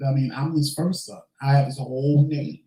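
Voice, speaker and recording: A man's voice: mid-range voice, fairly even intonation, moderate pace, mellow, echoey room, poor audio. A man hosting a casual question-and-answer vlog, talking candidly and swearing now and then. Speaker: vlogger host. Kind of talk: casual Q&A chat.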